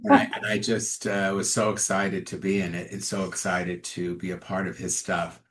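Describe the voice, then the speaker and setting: A man, an actor and comedian, chatting as an interview guest and telling animated stories in which he acts out other people's lines. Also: deep voice, moderate pace. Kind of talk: casual interview storytelling.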